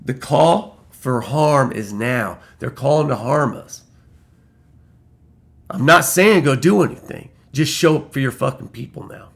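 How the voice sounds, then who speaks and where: A man's voice: medium pitch, expressive, measured pace, vocal fry. A man vlogging an angry, profane rant, repeating his lines for emphasis.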